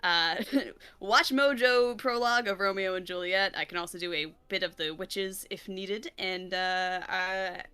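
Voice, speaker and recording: A woman's voice: medium pitch, measured pace, few pauses, sharp tone, clear, resonant tone. A woman organizing a group charity stream who laughs easily and reads a prologue aloud. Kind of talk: casual group chat and dramatic reading.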